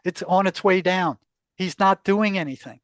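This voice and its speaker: A man's voice: high voice, normal speed, clean tone, dry recording. An older man casually telling a long personal story in an interview, acting out quoted exchanges and laughing along the way.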